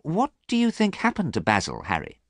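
A man voicing a young gentleman in a storybook reading, earnest and pleading, in a raised voice. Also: a little high, wildly swooping pitch, fairly quick, dry recording, studio quality, pitched above the performer's own voice, exaggerated voice. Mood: probing. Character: young gentleman, anxious and eager to be good.

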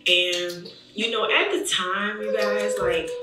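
A woman vlogger telling an emotional story in an animated, chatty way, talking straight to her viewers. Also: medium pitch, slow pace, loud music behind the voice. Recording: echoey room, distant mic.

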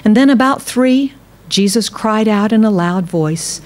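A woman pastor preaching a sermon, reading scripture aloud and speaking straight to her congregation, slowing and dropping low on key words and rising for emphasis. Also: darkish tone. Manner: dramatic pauses, slows and drops low on key words, rises for emphasis; reads scripture aloud, addresses congregation directly.

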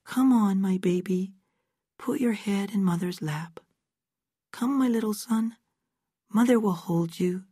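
A reader voicing a young girl who talks in a soft, coaxing way. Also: mid-range voice, big pitch swings, unhurried, husky, no echo, studio quality, voice pushed up. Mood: gentle. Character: young girl, calm and motherly.

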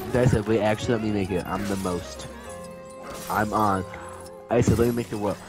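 A young male gamer with a slightly low voice reads his friends' chat messages aloud in a loose, joking way. Game music plays clearly underneath. He talks casually, as if hanging out with friends. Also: fairly even intonation, moderate pace. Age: teens. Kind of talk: casual gaming commentary. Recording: game music playing behind.

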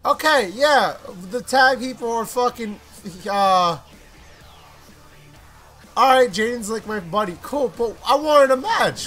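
A young man commentating his own gameplay in a bright, high voice that swings widely in pitch. He drops into mumbled asides, then erupts into profane shouting at the game. Faint game music plays underneath. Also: lively intonation, slow. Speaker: gaming YouTuber. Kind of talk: let's play commentary.

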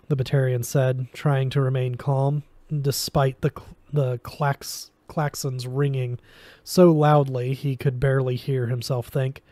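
A man reading a novel aloud in a steady storytelling manner, with occasional restarts. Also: mid-range voice, measured pace, dry recording, studio quality. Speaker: reader.

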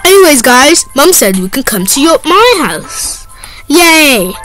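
High, lively woman doing giggly toy play. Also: a little slow, soft background music, low-quality recording. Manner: giggly, playful, often breaking into laughter. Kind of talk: improvised toy role-play voicing many characters.

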